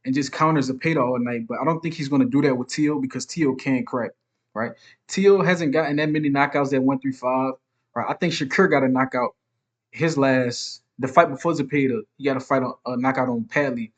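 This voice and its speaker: A man's voice: mid-range voice, fairly quick. Casual man breaking down boxing. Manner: conversational, keeps checking in with "right?". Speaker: boxing commentary channel host. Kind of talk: casual solo boxing commentary.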